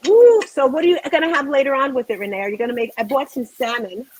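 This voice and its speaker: A chatty woman hosts a home cooking segment, rambling cheerfully to her viewers as she chops and stirs. Her voice sits a little high. Clattering pans and kitchen noise fill in behind her. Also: fast talker, rough recording. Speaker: cooking show host. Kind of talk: casual chat while cooking.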